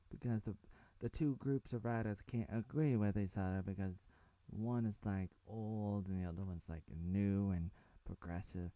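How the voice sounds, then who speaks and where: A man's voice: on the low side, steady tone, normal speed, mellow, no echo. Guy in his 30s rambling through a show recap, lots of "like", dry sound. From United States (Oregon). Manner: rambling, many filler "like"s. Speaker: show reviewer.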